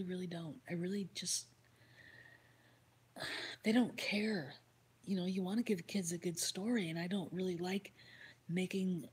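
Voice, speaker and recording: A woman hosts a livestream and chats casually, retelling a story and answering her chat. Her voice is very husky and breathy and sits a little low. She often drops into whispers and swears freely. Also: darkish tone. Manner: reads and answers chat comments. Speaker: livestream host.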